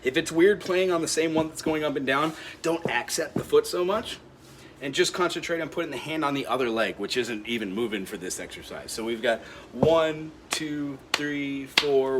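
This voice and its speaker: This ukulele lesson comes from a man with a fairly high, animated voice who talks fairly quickly while counting beats and explaining scales and chords in a friendly way. The recording is very noisy, with the instrument playing behind his voice.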